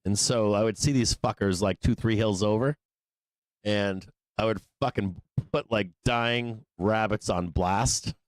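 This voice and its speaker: A man's voice: fairly low pitch, unhurried, no room sound. Profane rambling man in a dry studio. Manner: profane, rambling, laughs often, acts out voices. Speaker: live trading show host. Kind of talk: casual storytelling between market commentary. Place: studio office.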